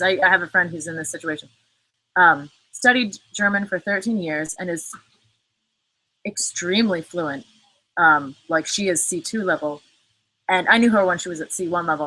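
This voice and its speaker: Woman host, live chat, bright and cutting voice on the low side, rambling with fillers and casual swearing. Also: low-quality recording. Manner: chatty, fillers, frequent cursing; reads and answers viewer comments. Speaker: livestream host.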